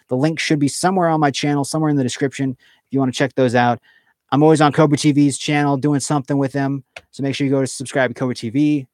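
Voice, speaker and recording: A man's voice: medium pitch, no echo, clean studio sound. A man hosting a casual live stream, reading out viewer comments and chatting in a rambling way, full of fillers and restarts.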